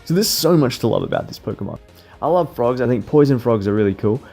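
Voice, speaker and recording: A man's voice: medium pitch, expressive, fast, mellow, faint music behind. A man hosting a casual countdown vlog, chatting with fan enthusiasm. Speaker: YouTuber.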